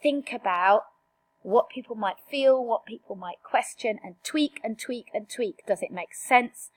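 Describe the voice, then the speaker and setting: A woman's voice: fairly high pitch, a little slow. A woman teaching an exam revision lesson, direct and emphatic, firing rhetorical questions at her students.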